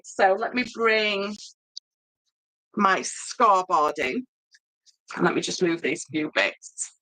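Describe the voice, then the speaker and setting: A woman's voice: lowish voice, bright, forceful tone. A woman with a Yorkshire accent giving a chatty live-stream papercraft tutorial, answering viewer comments with lots of ums. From Yorkshire, England.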